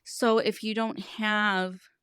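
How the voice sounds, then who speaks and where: A woman's voice: medium pitch, flat delivery, slow pace, fairly bright tone, clear, resonant tone, no room sound, studio quality. A woman in her thirties, a money coach speaking as a podcast guest, telling stories in an earnest, explanatory way. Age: 30s. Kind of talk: casual podcast conversation.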